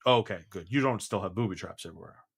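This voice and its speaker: A man's voice: deep voice, rapid-fire, vocal fry, husky. Hesitant, coaxing man, laughing often. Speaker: host. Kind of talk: improvised comedy bit.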